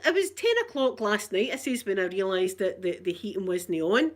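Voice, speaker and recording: At home in her living room, a Glasgow vlogger from Scotland recounts an indignant tale to camera, laughing as she goes. She's middle-aged, with a medium-pitched, expressive voice at normal speed and few pauses.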